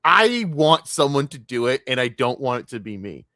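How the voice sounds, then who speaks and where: A man's voice: medium pitch, sing-song, moderate pace, bright, forceful tone, no echo, studio quality. A man streaming live, talking casually and ranting in a profane, combative, mocking way.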